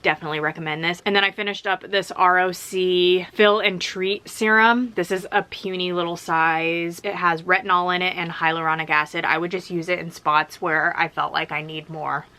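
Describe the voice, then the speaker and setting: A young woman talks to camera in a relaxed beauty-vlog chat, moving briskly from one product to the next with eager, gushing praise. Her voice sits a little low, but its tone is bright and forward. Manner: quick, upbeat, gushing recommendations. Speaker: beauty vlogger. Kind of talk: casual product review chat.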